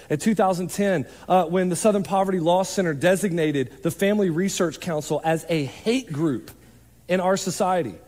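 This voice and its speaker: A man preaching a sermon as pastor, in a conversational, animated way with quick asides. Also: high voice. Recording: long hall reverb.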